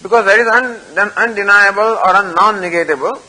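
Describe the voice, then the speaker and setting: Husky older man teaching scripture. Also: high-pitched, bright, forceful tone, low-quality recording. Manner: explains slowly with many "you know" fillers, chants Sanskrit. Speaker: Vedanta teacher. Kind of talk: scriptural study class.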